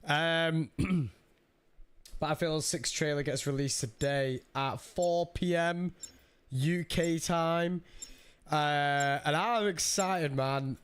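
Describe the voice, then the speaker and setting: A British man streaming casually, chatty and greeting viewers by name, his voice slightly hoarse. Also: a little high, slow pace. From United Kingdom. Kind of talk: casual livestream chat. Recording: game sounds in background.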